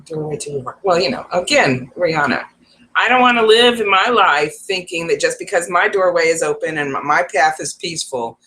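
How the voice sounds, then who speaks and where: A woman's voice: lowish voice, animated, fairly quick, a bit bright. A woman hosting a casual live stream from home, chatty and laughing often between restarts. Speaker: psychic livestream host.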